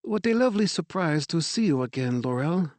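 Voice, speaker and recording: A man's voice: on the high side, animated, fairly quick, darkish tone, no room sound, voice pushed up, lightly acted. A man voicing a middle-aged French woman who runs a shelter, speaking with a French accent in a polite, cool, protective way. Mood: polite, reserved.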